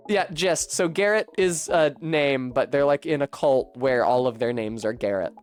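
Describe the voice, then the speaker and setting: A woman's voice: very deep voice, moderate pace, hardly any pauses, darkish tone, faint music behind. A woman streaming a game, reading its dialogue aloud and making joking, profane asides. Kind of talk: let's play with voiced dialogue.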